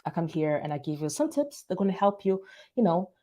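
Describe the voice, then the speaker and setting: A woman's voice: on the low side, very animated, fast talker, warm tone. A woman from Portugal hosting her weekly live business-tips show, talking casually with fillers and restarts. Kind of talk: casual live-stream talk.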